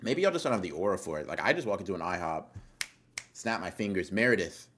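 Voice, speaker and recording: A man's voice: low-pitched, big pitch swings, rapid-fire, slight background noise. A man streaming live, reading chat aloud and answering in a laid-back, slangy, rambling way, swearing casually now and then.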